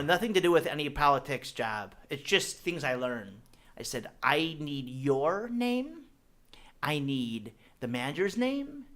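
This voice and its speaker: A young man, a podcast guest, telling jokey stories in casual chat. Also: mid-range voice. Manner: animated, jokey, puts on voices in anecdotes. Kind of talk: casual comedic storytelling.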